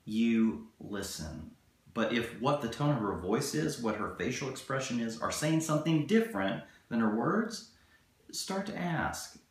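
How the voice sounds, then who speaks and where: A man's voice: medium pitch, sing-song. Earnest man in an echoey room. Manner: earnest, coaching tone, slows for key points. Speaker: relationship video co-host. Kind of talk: casual advice talk.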